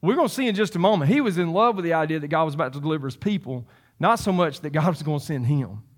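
A man's voice: fairly high pitch, animated, fast talker. A man in his fifties preaching a sermon, emphatic and repeating phrases for stress. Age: 50s. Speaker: pastor.

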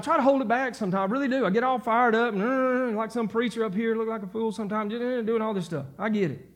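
A man's voice: very high voice, fast. A man preaching a sermon to his church, building to emphatic repeated phrases. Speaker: pastor. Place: church sanctuary.

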